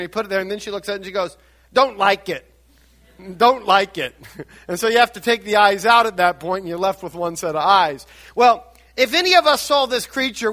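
An older man preaching a sermon, grandfatherly and dynamic, dropping to hushed tones and rising to shouted emphasis. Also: high voice. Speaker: pastor.

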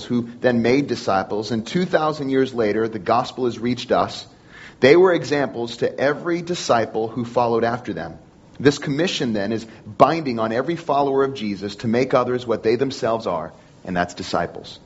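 A man's voice: mid-range voice, husky, highs cut off. A man preaching a sermon in an earnest manner, repeating phrases and restarting often. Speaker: pastor.

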